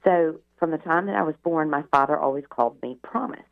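Heard over a thin, tinny phone connection on the radio, this middle-aged woman has a low, creaky voice and a brisk delivery. As an interview guest, she recounts her life in a chatty manner, often dropping in "you know."

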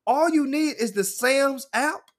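A man's voice: very high voice, slow pace. A man who is a guest on a casual podcast, telling stories animatedly and acting out other people's voices. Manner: animated storyteller, acts out voices. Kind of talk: casual chat.

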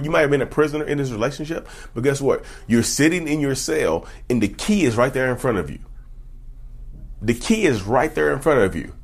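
A man with a husky voice that swoops up and down as he talks. He lectures his viewers in an emphatic, preachy way and keeps throwing rhetorical questions at them. It is casual, direct-to-camera advice talk. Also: mid-range voice. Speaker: self-help YouTuber.

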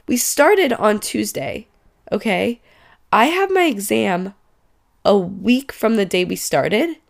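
A woman's voice: mid-range voice, expressive, measured pace, gravelly. Young female podcast host in her twenties, stuffy cold voice, chatty and emphatic. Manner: chatty and emphatic, rising to exclaim in mock outrage. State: congested from a cold. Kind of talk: casual solo podcast chat.

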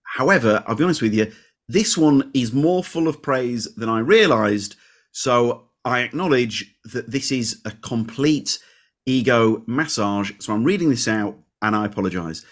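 A man's voice: medium pitch, lively intonation, a little slow. A man co-hosting a comedy podcast, chatting casually and reading out listener emails with self-deprecating asides. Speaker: podcast co-host.

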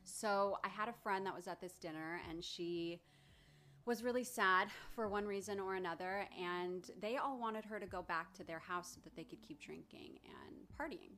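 A woman therapist recounting a personal story to her followers, candid and emotional, with pauses and restarts. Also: mid-range voice, bright, forceful tone. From Southern California.

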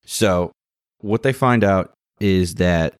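Deep-voiced man recapping casually. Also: slow, smooth, dry recording, clean studio sound. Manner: animated recapping, acts out scenes. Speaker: podcast co-host. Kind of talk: casual chat.

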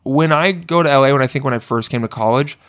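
A man's voice: mid-range voice, fast talker, a bit bright. A young man hosting a podcast in a laid-back, teasing manner, swearing often. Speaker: podcast host. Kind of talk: casual chat.

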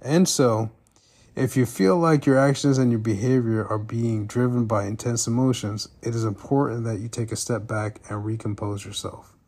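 A man co-hosting a relationship podcast and offering advice in a calm, relaxed manner. His delivery is casual and conversational, with the odd filler. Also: mid-range voice, moderate pace. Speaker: podcast co-host. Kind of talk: casual couple's podcast chat.

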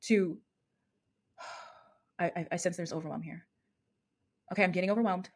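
A woman's voice: on the low side, fairly even intonation, moderate pace. A woman in her thirties hosting a solo podcast as an emotional coach, talking earnestly and often rephrasing herself.

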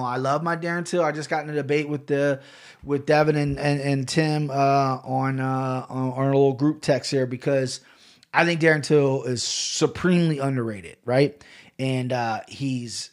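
Rambling, profane man hosting a podcast. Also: on the high side. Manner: rambling, profane, excitable, many restarts. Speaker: podcast host. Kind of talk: casual solo podcast monologue.

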